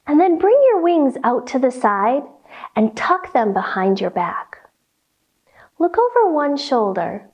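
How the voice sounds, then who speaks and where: Slow, sing-song woman yoga storyteller. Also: sits high, very animated, a little mellow, dull audio. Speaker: children's yoga teacher and storyteller. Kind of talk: storytime read-aloud with yoga instruction.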